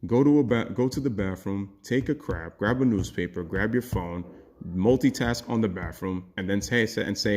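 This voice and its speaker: Deep-voiced guy going off on basketball takes, blunt, cusses a lot. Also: moderate pace, a little mellow. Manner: blunt, heated, swears freely. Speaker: sports commentary YouTuber. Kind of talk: opinionated sports rant.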